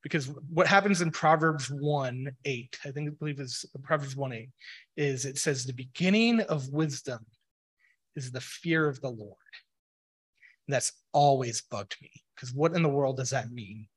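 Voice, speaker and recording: A man's voice: mid-range voice, normal speed, slightly rough. A man giving a casual, rambling explanatory talk on religion, full of "you know" and "like" fillers. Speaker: speaker on a religious podcast.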